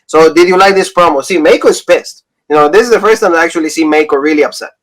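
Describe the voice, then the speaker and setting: A man with a slightly higher voice hosts a casual wrestling podcast. He recaps segments in loose talk full of fillers. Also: fast, hardly any pauses, a bit bright, poor audio. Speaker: wrestling show host.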